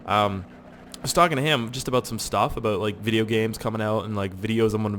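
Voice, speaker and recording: A man's voice: lowish voice, fast, fairly bright tone, a little hiss or hum. Rambling, profane gamer guy. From Canada. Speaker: gaming YouTuber. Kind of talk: casual storytelling over gameplay.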